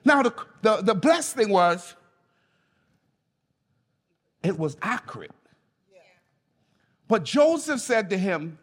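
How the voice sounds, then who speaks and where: A man's voice: extremely high pitch, big pitch swings, slow, pauses often, fairly bright tone, in a large hall. A man preaching a sermon as pastor, speaking emphatically and calling on the congregation to respond. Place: church.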